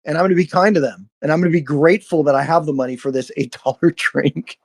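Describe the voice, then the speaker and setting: A man's voice: on the high side, fast talker, gravelly. Earnest, profane man giving a spiritual talk. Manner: earnest, profane, repeats "right?". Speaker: live stream host. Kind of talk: casual spiritual monologue.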